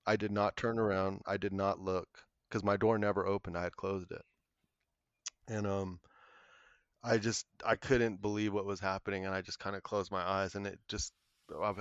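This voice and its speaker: Gravelly low-voiced man telling a story. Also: fairly bright tone, no room sound. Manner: earnest, halting storyteller. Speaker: podcast guest. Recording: muffled lo-fi audio.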